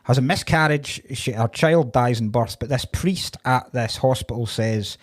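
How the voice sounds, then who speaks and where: A man's voice: mid-range voice, normal speed, hardly any pauses. A man co-hosting a comedy podcast, casually retelling a film plot with plenty of swearing. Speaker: podcast co-host.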